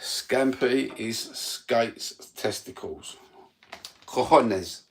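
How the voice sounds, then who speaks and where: A man's voice: mid-range voice, lively intonation, unhurried. A man, hosting a casual livestream from home with crude, sweary banter into his phone. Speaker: livestream host.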